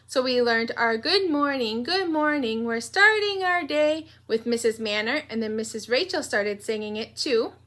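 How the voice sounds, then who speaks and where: A young woman teaching a pre-K morning meeting, talking gently and in a sing-song way to small children. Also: fairly high pitch, lively intonation. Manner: slow, gentle and sing-song, breaking into cheerful songs.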